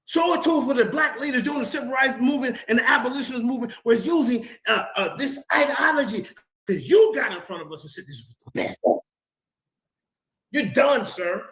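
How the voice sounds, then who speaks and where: A man's voice: extremely high pitch, animated, fairly quick, a bit bright, echoey room, rough recording. A man giving a heated debate rebuttal, fiery and preacher-like, repeating words as he pushes his point.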